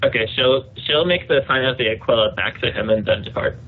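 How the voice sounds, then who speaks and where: A man's voice: medium pitch, fairly quick, a little hiss or hum. A man playing a tabletop game, casually thinking aloud over a tinny voice-chat line. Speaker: player.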